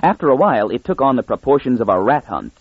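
A man narrating an audiobook in a measured storytelling manner. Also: medium pitch, very animated, breathy edge, no echo, narrow, tinny audio. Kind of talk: scripted narration.

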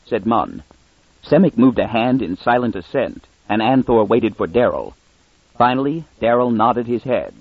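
Husky guy reading a story, lively pitch, sounds like over a phone. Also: dry recording, narrow, tinny audio. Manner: measured, shifts pitch for characters. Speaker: audiobook narrator. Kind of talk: scripted narration with character voices.

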